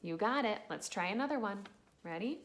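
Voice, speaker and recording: A woman teacher giving a slow, patient phonics lesson to young children, sounding out letters and cheering them on. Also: medium pitch, expressive.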